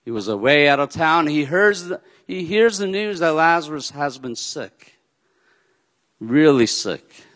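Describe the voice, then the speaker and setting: A man preaching a sermon, dropping to a hush and then rising to loud, emphatic peaks. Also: fairly high pitch, expressive, measured pace. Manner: swings from hushed to loud and emphatic. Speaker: pastor. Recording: long hall reverb.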